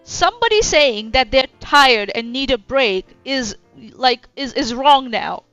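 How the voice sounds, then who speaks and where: A woman with a bright, crisp, fairly high voice gives blunt, sarcastic reaction commentary on a stream. She swears freely. The audio is dull and lo-fi, with faint music underneath. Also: animated, a little slow, no room sound.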